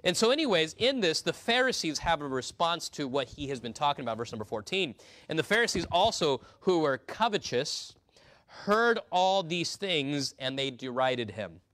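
A man's voice: a little high, sing-song, normal speed, a bit bright, no echo. A man preaching an earnest sermon to his congregation, often restarting and repeating words as he reads scripture aloud. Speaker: pastor.

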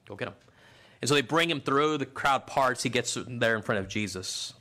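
A man preaching a sermon with a bright, forward voice. He talks in a loose, conversational way. At times he climbs into loud, shouted lines as he acts out the people in the story. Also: mid-range voice, moderate pace.

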